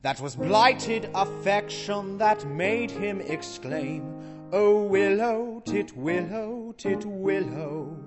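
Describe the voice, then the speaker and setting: A woman playing a timid, lovesick comic man in an operetta, pleading floridly and singing a slow doleful song. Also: mid-range voice, animated. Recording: long hall reverb, guitar accompaniment.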